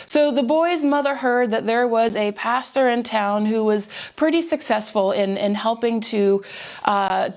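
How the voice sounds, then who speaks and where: High-voiced woman telling church jokes. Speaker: joke teller at a church service. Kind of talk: storytelling jokes.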